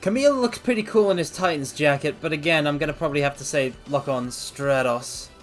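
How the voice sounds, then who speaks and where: A man streaming casual chat, theatrical and animated, calling his viewers mortals, a little out of breath. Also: a little high, a little fast. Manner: animated, swings between loud outbursts and mock apologies. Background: faint background music.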